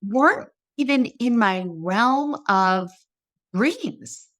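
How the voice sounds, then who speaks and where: A woman's voice: on the high side, very animated, very slow, a bit bright, no echo, clean studio sound. A woman hosting a podcast interview, asking reflective questions in an encouraging, conversational way. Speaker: podcast host.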